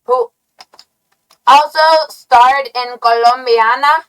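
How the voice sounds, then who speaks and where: A woman's voice: sits high, slow, fairly bright tone, clean tone, rough recording. A woman live streamer rambling in a brash, taunting, profane way. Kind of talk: rambling livestream rant.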